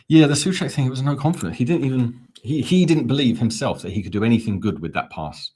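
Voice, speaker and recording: A man's voice: mid-range voice, animated, fast, few pauses, a little mellow, slightly rough. A man hosting a live football fan watch-along, calling the play and chatting back to viewer comments. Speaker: fan channel host.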